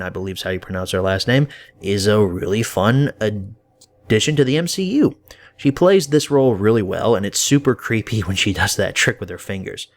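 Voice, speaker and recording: A young man giving an enthusiastic, profane spoken film review, with occasional stammers. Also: lowish voice. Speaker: movie reviewer.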